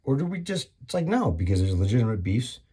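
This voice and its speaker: A man doing a rambling, profane comedy monologue, full of restarts and sudden high-pitched bursts. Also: big pitch swings, quick pace, warm tone, slightly rough.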